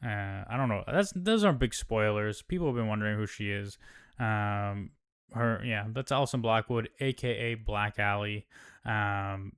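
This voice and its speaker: Man, casual recap host, rambling, swearing, smooth resonant voice. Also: fairly low pitch, moderate pace, fairly bright tone. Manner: rambling, profane, many fillers.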